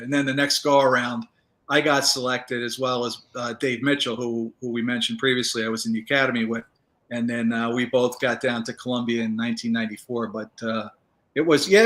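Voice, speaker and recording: A man, a former federal agent, telling stories in a casual interview, relaxed and rambling with many fillers. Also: medium pitch.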